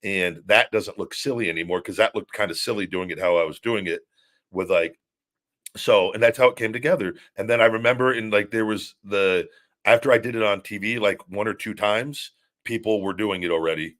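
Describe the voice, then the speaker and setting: A very deep-voiced, middle-aged man, chatting casually as a podcast host. He rambles through his stories and often restarts his sentences midway. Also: brisk, a bit bright. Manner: rambling storytelling with many restarts. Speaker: show host, former wrestler.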